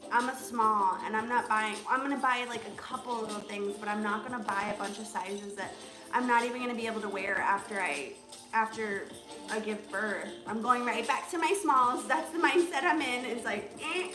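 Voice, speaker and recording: Young woman fitness instructor, high voice, lots of um and like, live home workout, echoey room, music on. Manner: chatty, full of fillers like "um" and "like".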